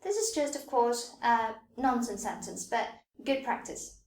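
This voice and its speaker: Female language teacher, high voice, deliberate tone demos, roomy echo. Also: expressive, a little mellow. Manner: clear, deliberate demonstration of tones. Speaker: Mandarin teacher. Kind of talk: scripted language lesson.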